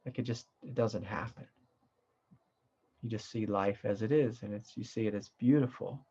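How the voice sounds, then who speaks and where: A man, a meditation teacher, giving a satsang talk in a gentle, reflective way with many fillers and asides. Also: lowish voice, normal speed, husky, dull audio.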